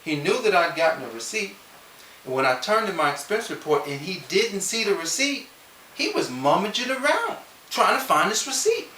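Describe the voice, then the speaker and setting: A man tells a personal story as a motivational speaker, his bright voice rising and falling a lot as he keeps turning to his listeners with questions. He sounds set back from the mic in a roomy, echoing space, with a faint hiss underneath. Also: sits high, moderate pace, recorded from a distance. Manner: lively, conversational, questions the listeners directly. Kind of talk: animated personal storytelling to an audience.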